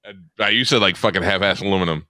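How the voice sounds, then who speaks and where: A man's voice: low-pitched, rapid-fire, pushed and bright, no echo, studio quality. A man co-hosting a trivia game over a video call, competitive and mocking, swearing as he needles his rival. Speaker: co-host and contestant. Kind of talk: crude joking banter.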